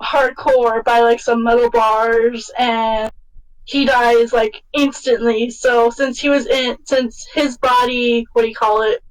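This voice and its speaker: A woman's voice: on the high side, flat delivery, takes it slowly, recorded from a distance, low-quality recording. A woman co-hosting a podcast in casual chat, rambling and hunting for words with many fillers. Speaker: podcast co-host.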